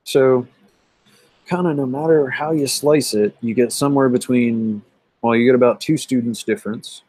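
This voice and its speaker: A man teaching math, walking through exam solutions in a conversational way, often pausing with "um" and checking in with "right?". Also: mid-range voice, a little mellow, no room sound, rough recording. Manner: conversational, thinks aloud with many "um" and "right?". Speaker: math instructor. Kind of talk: recorded lecture going over an exam.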